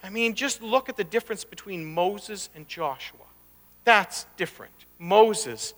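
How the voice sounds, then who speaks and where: A male pastor delivers a sermon in a chatty, storytelling manner with folksy asides. His voice sits high and sounds bright and forceful. It rings out in a long church reverb. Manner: conversational, anecdotal, folksy asides.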